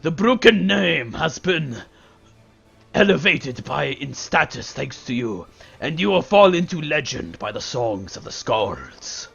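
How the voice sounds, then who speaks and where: A man's voice: a little high, big pitch swings, measured pace, gravelly, a bit bright, husky, faint music behind, heavily acted. A burly clan father, played by a game master, formal and solemn, with a slightly raised voice. He comes through a dull, lo-fi voice chat. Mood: proud. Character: proud burly father, a warrior-clan elder.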